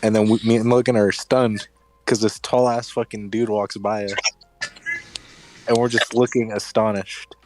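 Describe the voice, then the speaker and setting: A man's voice: on the low side, normal speed, soft background music, rough recording. A young man co-hosting a podcast, telling stories in a casual, profane way. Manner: profane, animated storyteller. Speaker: podcast co-host. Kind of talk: casual chat among friends.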